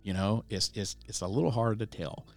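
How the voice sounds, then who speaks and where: A male host chats casually about a clip, pausing and restarting his sentences as he thinks. His voice sits a bit low, with faint music playing underneath. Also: gravelly, a little mellow. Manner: hesitant, full of fillers and restarts. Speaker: host reacting to a video. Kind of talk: casual commentary.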